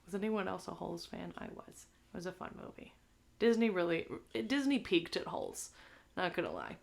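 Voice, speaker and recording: Woman, young adult, gravelly voice, livestream host, casual crude chat. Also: on the low side, huge pitch swings, a little fast, a little mellow. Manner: chatty, crude, tags lines with "all right?". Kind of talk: casual chat to a live audience.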